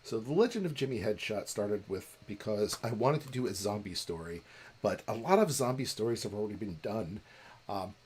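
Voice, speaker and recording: A man co-hosting a charity podcast livestream in casual chat, rambling and halting with many restarts and easy laughs. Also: lowish voice, animated, darkish tone, slightly rough. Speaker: podcast co-host running a charity stream.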